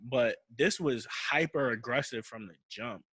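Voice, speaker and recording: A man's voice: mid-range voice, unhurried, a bit bright, breathy edge, no echo. Young man, storytelling. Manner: slangy, repeats "I'm like" and restarts while retelling. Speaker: podcast host. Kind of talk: casual personal storytelling.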